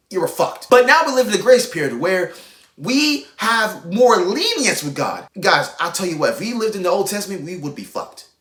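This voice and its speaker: A man's voice: high voice, fairly bright tone, roomy sound. A young man preaching casually to his viewers, blunt and slangy, acting out little voices as he exhorts them. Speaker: online preacher.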